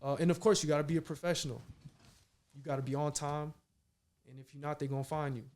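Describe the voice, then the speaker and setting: Animated man telling stories in casual slang. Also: a little high, quick pace. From Minnesota, United States. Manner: animated storytelling, slangy, repeats "you know what I mean". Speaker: professional basketball player, guest. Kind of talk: casual conversation.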